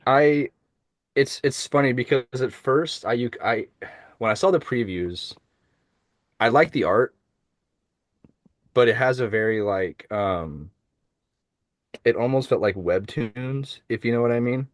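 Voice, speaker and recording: A man's voice: mid-range voice, a little slow, pauses often, no echo, studio quality. A man co-hosting a casual podcast, chatting about comics with lots of fillers and restarts over a remote call. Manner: rambling, many fillers and restarts. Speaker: podcast co-host. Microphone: remote call over shaky internet.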